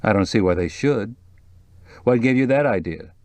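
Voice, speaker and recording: A man reading the part of a calm reporter who speaks in a kind but firm, soothing way. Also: fairly low pitch, normal speed, no room sound, lightly acted. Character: kindly, soothing middle-aged male reporter. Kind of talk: audiobook dialogue reading.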